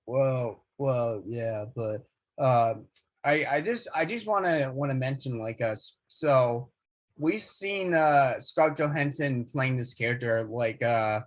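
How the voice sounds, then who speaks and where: Male film reviewer, mid-range voice, halting casual delivery full of fillers. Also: medium pitch. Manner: hesitant, many restarts and fillers. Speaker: movie reviewer. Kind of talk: casual chat.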